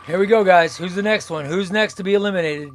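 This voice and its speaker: A man's voice: high-pitched, quick pace, some chatter behind. A man hosting a live comics stream, playfully calling out giveaway names one by one. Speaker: comic channel host.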